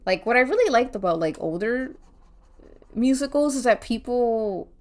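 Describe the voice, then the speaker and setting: A woman's voice: fairly high pitch, animated, moderate pace. A woman streaming while she draws, chatting casually, rambling and thinking aloud, with casual swearing. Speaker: art streamer.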